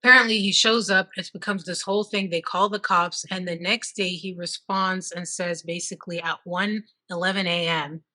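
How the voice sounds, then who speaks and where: A woman's voice: lowish voice, steady tone, normal speed, hardly any pauses, sharp tone. A woman telling a true crime story in a casual, chatty way, reading text messages aloud and adding her own asides. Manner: conversational, reads out texts with asides.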